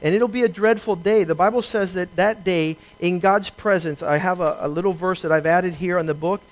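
High-voiced man preaching a sermon. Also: rough recording. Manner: preaching with emphatic slowdowns, quoting scripture and acting out dialogue. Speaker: pastor.

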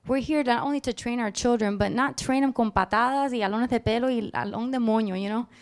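A woman preaching a sermon in a lively, animated way, acting out little scenes sudden loud outbursts. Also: fairly high pitch, quick pace, smooth.

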